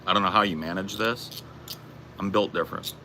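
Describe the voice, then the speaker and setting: A man's voice: deep voice, a little fast, sharp tone, a little hiss or hum. Sarcastic, ranting streamer guy. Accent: general Californian. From southern United States. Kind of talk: casual live-stream chat.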